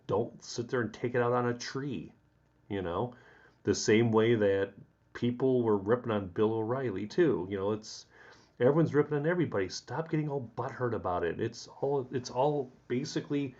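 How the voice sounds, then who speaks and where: A man's voice: fairly low pitch, darkish tone. Chatty man ranting on a live stream. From Chicago area. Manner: rambling, chuckling, talks to viewers by name. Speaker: livestream host. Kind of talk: casual live chat, ranting. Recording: dull lo-fi stream audio.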